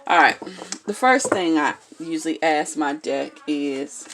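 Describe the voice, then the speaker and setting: This tarot reader talks at a measured pace in a low voice over a noisy background. She's blunt, curses without hesitation, and keeps asking her vlog audience "okay?" as she works through the cards.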